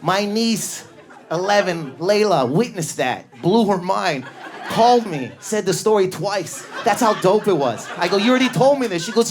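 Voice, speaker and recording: A man from Canada doing a stand-up comedy set on a club stage, high-energy and neurotic, often shouting and acting out voices. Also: animated, moderate pace. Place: comedy club stage before a live audience. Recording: live club recording with crowd laughter. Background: audience laughter.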